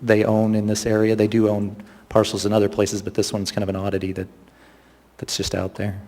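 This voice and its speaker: A man's voice: lowish voice, monotone, brisk, a little mellow, in a large hall. A man on municipal staff explaining a site plan at a public meeting, hedging with fillers.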